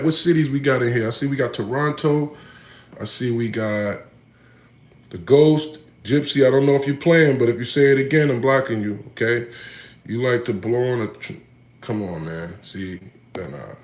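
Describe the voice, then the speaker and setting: A laid-back, streetwise man chats loosely with his live audience from home. His talk keeps circling back to "you know what I'm saying". The voice sits in a roomy space with a faint hum of background noise. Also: medium pitch. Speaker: livestream host. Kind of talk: casual livestream chat with viewers.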